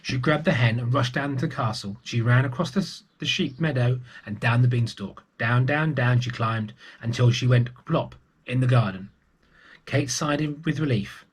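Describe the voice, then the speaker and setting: Husky-voiced man reading a storybook. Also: medium pitch. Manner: gentle and unhurried, with small restarts. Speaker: storyteller for young children. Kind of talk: reading a picture book aloud.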